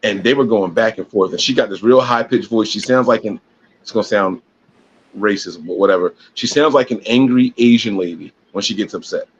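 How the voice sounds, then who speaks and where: A man's voice: on the low side, a little fast, slightly rough. A man co-hosting a casual podcast, telling rambling stories full of restarts and fillers. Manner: rambling storyteller with many restarts. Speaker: podcast co-host. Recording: dull lo-fi sound.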